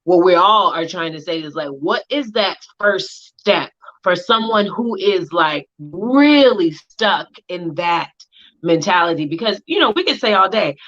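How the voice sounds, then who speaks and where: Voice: mid-range voice, lively intonation, a little slow, a bit bright. A co-host asking questions in a casual chat, searching for words with many "like" fillers. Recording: dull lo-fi sound.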